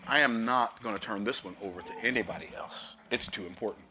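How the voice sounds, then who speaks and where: A man's voice: medium pitch, fast, few pauses, bright, forceful tone, a little hiss or hum. A man preaching a sermon, reading scripture aloud and explaining it with emphatic, rising declarations.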